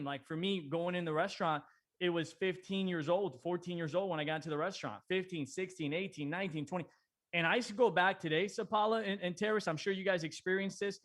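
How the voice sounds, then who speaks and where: A man's voice: high voice, fairly even intonation, quick pace, a bit bright. A man co-hosting a podcast, chatty and teasing in a casual interview. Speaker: guest co-host.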